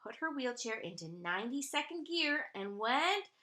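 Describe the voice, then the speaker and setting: A woman's voice: a little high, very animated, normal speed, sharp tone. A woman telling a children's story expressively, drawing out sound effects.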